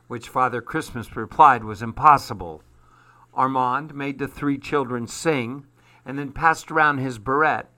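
Slow, bright-voiced male storyteller. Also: mid-range voice. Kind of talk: reading a children's book aloud.

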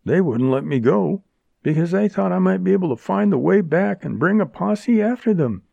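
A man's voice: high-pitched, animated, normal speed, gravelly, dry recording, voice pushed up, heavily acted. Fierce captive young woman, a man putting her on. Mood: urgent. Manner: sharp, commanding, urgent. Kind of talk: audiobook character voice. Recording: dull lo-fi recording.

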